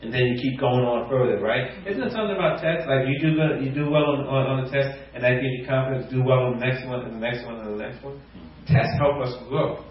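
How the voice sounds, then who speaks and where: A man preaching a sermon, animated, acting out quotes and rising to near shouts. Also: mid-range voice, fast talker, few pauses. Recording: echoey room, distant mic, muffled.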